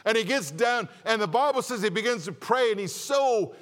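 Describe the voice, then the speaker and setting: A man's voice: sits high, animated, normal speed, a bit bright, in a large hall. A man preaching a sermon as a Baptist pastor, impassioned, asking the congregation rhetorical questions and building to emphatic peaks.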